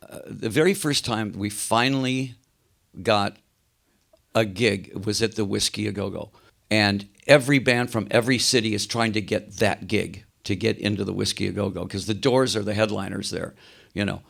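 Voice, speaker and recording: A man's voice: on the low side, moderate pace, creaky. An older man, a rock singer as interview guest, telling anecdotes over a video call. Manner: animated anecdotes, acts out quoted voices. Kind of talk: casual storytelling interview.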